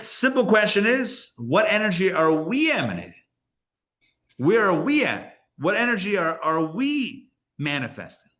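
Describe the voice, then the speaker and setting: A male rabbi teaches a live class through stories and plain examples. His delivery is relaxed and conversational, and he often restarts sentences as he builds his point. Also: on the high side. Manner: conversational, anecdotal, with many restarts. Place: live class in a Torah center.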